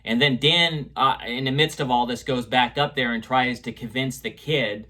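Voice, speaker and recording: Bright-voiced man rambling about a show. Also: mid-range voice, fairly even intonation, normal speed. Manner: rambling, with many fillers and restarts; retells scenes and echoes quotes. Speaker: show reviewer. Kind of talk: casual review chat.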